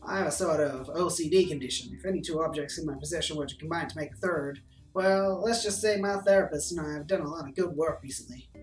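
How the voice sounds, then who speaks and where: A man's voice: fairly high pitch, quick pace, natural voice. Man doing a swaggering cowboy governor, folksy and boastful, roomy and distant, music behind. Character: brash cowboy-style American governor, self-important. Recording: roomy, distant sound under background music.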